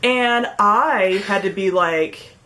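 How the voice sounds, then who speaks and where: A woman's voice: medium pitch, takes it slowly, background noise. A woman in her twenties, chatting casually and telling stories with friends, swearing freely. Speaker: channel host. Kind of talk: casual chat.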